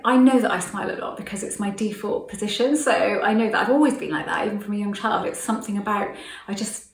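A woman's voice: medium pitch, gravelly, reverberant, distant mic, rough recording. A middle-aged woman telling a story to camera in a chatty way, laughing often and acting out what people said. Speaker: vlogger.

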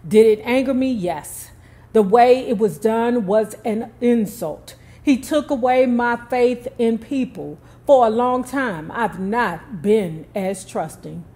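A woman's voice: fairly high pitch, lively intonation, slow, dark tone. A woman reading the lines of an aggrieved middle-aged male manager, firm and resentful.

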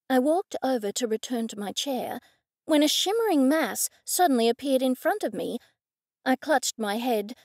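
A woman reads an audiobook in the first person. Her voice is fairly high, and her telling is clear and measured. The sound is close and dry, with no room echo. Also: darkish tone. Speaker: audiobook narrator. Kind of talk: scripted first-person narration.

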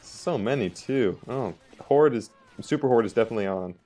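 A man giving live gameplay commentary, excitable and quick to exclaim and laugh. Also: mid-range voice. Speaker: gaming channel host.

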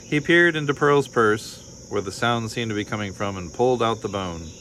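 A man reading a children's picture book aloud in a calm, measured storytelling voice. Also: fairly low pitch, a little hiss or hum, low-quality recording.

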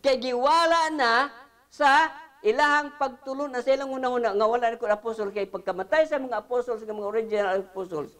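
A man teaching a Bible lesson at church, mixing English with Cebuano, pausing often on fillers and reading scripture emphatically. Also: extremely high pitch, fairly bright tone.

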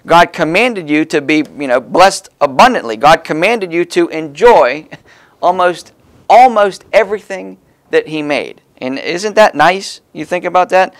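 A man's voice: a little high, lively intonation, unhurried. A man preaching a sermon in a folksy, conversational way, stressing key words as he explains the text.

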